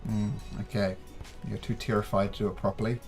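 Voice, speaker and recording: A man running a tabletop game as game master, calmly explaining rules and narrating the scene. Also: lowish voice, fairly quick, soft background music. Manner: calm, explains rules patiently.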